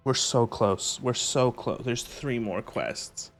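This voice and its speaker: A man's voice: medium pitch, takes it slowly, faint music behind. A man streaming a game and commenting casually, rambling, laughing often and swearing.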